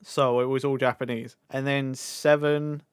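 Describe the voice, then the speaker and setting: A man's voice: medium pitch, level tone, unhurried, smooth, dry recording, clean studio sound. A man co-hosting a casual podcast chat, easygoing and chuckling along as he talks. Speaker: podcast co-host.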